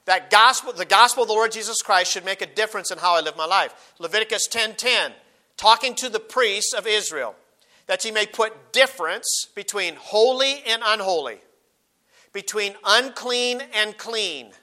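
A man with a high, bright voice preaches a sermon. He reads old scripture verses and presses his points by repeating them. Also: normal speed. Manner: emphatic, repeats key phrases, quotes King James scripture.

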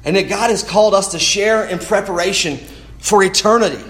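A man's voice: high voice, a little fast, a bit bright. A man preaching a sermon in an earnest way, often restarting words as he goes. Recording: roomy echo.

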